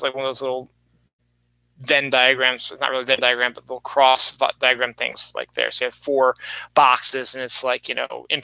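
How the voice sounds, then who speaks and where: A man's voice: mid-range voice, gravelly, bright, forceful tone, clean tone, no room sound, poor audio. A young man hosting a podcast, chatting casually about odd news stories in a rambling way, full of fillers and restarts. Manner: rambling, filler-heavy, self-interrupting. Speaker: podcast host.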